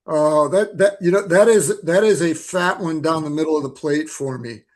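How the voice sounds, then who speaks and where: A man in his sixties joins an interview by video call and tells stories with lively energy. His voice sits a little higher than most men's, and he talks in a warm, chatty flow. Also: normal speed, a little hiss or hum. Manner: lively, animated storyteller. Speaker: filmmaker guest. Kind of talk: storytelling interview answers.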